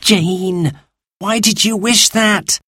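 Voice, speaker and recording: A young boy frets in a high, worried voice that swings sharply up. He sounds breathy and close, as a man acts him out. The recording is dry. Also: very animated, measured pace, dry recording, full character voice. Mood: anxious.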